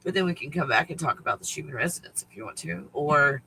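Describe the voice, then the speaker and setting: A man's voice: fairly high pitch, animated, fast talker, few pauses, bright, forceful tone, a little hiss or hum, poor audio. A man hosting a casual spiritual livestream, talking in a rambling, profane way and often laughing. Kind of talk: casual chat to viewers.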